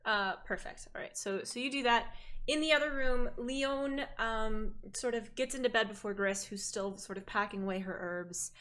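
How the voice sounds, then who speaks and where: Bright-voiced woman running a tabletop game. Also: fairly high pitch, moderate pace. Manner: hesitant with fillers, self-mocking. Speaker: game master.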